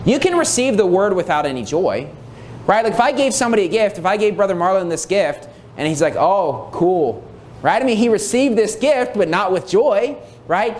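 A man's voice: high voice, animated, brisk, a little mellow, faint music behind. Emphatic male preacher reading scripture. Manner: emphatic, repeats key phrases, reads scripture aloud. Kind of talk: sermon.

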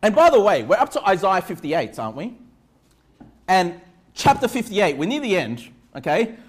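A man preaching a sermon as pastor, moving from calm teaching to loud shouted emphasis and often checking in with "all right?". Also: high voice, moderate pace, slightly rough. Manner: repeats "all right?" and "okay?" to the congregation.

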